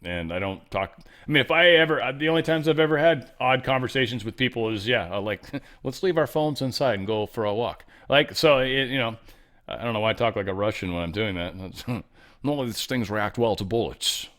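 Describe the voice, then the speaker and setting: Middle-aged male host, casual news commentary, sarcastic and rambling, mid-pitched. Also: brisk, fairly bright tone. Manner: rambling, sarcastic, offhand asides. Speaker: show host.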